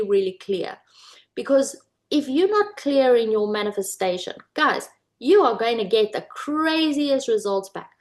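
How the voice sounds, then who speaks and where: A woman coaching viewers on manifesting in a casual, animated talk to camera, often calling them "you guys". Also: fairly high pitch. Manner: animated, addresses viewers as "you guys", acts out quoted voices.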